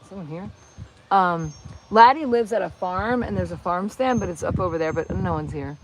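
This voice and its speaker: A middle-aged woman with a New Jersey accent, hosting a casual live stream and reacting excitedly to viewer comments. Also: mid-range voice, moderate pace, a little hiss or hum. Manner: chatty, excitable, reads viewer comments aloud. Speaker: channel host.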